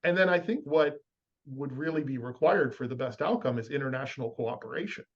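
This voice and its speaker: A man on a discussion panel lays out his views in an even, explanatory way. His voice comes through a somewhat muffled, lo-fi recording. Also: mid-range voice, a little fast. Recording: muffled lo-fi audio.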